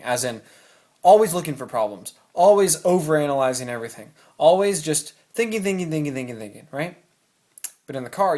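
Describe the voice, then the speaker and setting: A man talking casually and animatedly to camera about choosing your thoughts, at home. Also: a little high. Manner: animated, acts out anxious inner thoughts. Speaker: self-help vlogger. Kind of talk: casual motivational talk to camera. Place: room at home.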